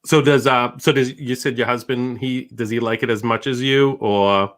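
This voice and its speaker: A man's voice: medium pitch, fairly even intonation, moderate pace, a bit bright. A man with a Boston accent hosting a casual live-stream chat, joking and rambling with frequent restarts. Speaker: host.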